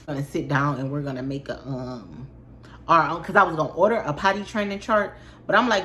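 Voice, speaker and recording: A woman's voice: low voice, fairly quick, a bit bright, a little hiss or hum. A young woman in her twenties, chatting casually and expressively to her viewers in a storytime vlog, full of slang. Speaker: vlogger. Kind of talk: casual storytime chat to camera.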